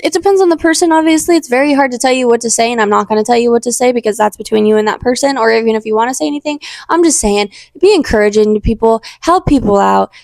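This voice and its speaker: A young woman talks through her faith in a casual, earnest way, rambling and often restarting her sentences. Her voice sits fairly high. The sound is close and dry, with no room echo. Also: a little mellow. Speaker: podcast host.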